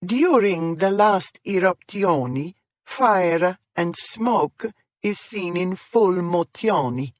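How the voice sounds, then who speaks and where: A man voicing a playful young woman who reads aloud in exaggerated, drawn-out foreign accents. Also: medium pitch, slightly rough, no echo, studio quality, lightly acted. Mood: mock-theatrical.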